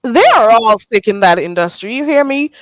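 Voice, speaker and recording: A woman's voice: fairly high pitch, animated, moderate pace, dry recording. A woman in casual chat, earnest and preachy.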